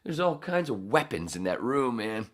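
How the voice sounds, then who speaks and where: A man's voice: medium pitch, moderate pace. A man hosting a podcast, telling a rambling, profane story in casual chat. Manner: profane, rambling, animated when acting out the story. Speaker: podcast host.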